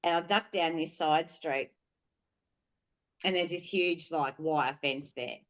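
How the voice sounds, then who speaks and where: A woman speaks as a podcast guest, telling a personal story openly. She is blunt and swears freely, rambling with plenty of fillers in a somewhat low voice. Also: takes it slowly. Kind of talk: candid storytelling conversation.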